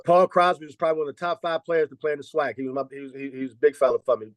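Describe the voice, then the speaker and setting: A man in his fifties, a former college basketball head coach, telling lively stories and peppering them with "man" and "you know". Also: on the high side, rapid-fire, no echo. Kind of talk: storytelling interview answers.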